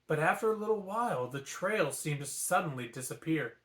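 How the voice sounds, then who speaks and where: Animated man reading a bedtime story. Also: fairly high pitch, brisk. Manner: playful and animated, with asides. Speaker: storybook reader. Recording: echoey room.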